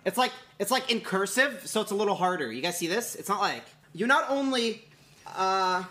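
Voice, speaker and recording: A man's voice: high voice, very animated, quick pace, sharp tone. A man streaming, reacting to viewer comments and fan art, exasperated, swearing and breaking into laughter.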